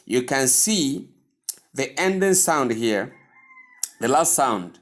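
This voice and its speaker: A man's voice: mid-range voice, lively intonation, slow, long pauses. Man teaching pronunciation, insistent. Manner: insistent, repeats words many times over. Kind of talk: pronunciation lesson.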